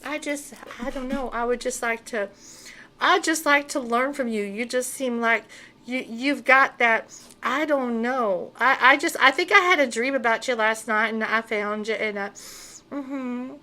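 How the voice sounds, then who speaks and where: A woman's voice: on the high side, sharp tone, voice pushed up. A woman putting on the voice of a naive, vulnerable female spiritual seeker who speaks hesitantly and stumbles over her words. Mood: sweetly naive. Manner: halting, breathy-sweet, stumbling over words.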